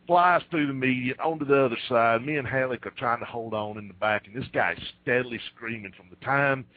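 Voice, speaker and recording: A male roundtable guest tells his story at an easy, laid-back pace, filling gaps with "uh". His voice sits at a middle pitch for a man and comes through a muffled, lo-fi line. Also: no room sound. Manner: laid-back, many "uh" pauses. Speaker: guest wrestler. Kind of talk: casual storytelling. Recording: dull lo-fi line.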